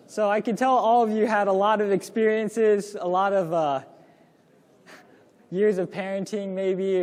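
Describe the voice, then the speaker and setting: A man's voice: sits high, a little mellow, big-room sound. A young man presenting a parenting lesson to a class in a casual, storytelling way, acting out the lines he quotes. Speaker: course presenter.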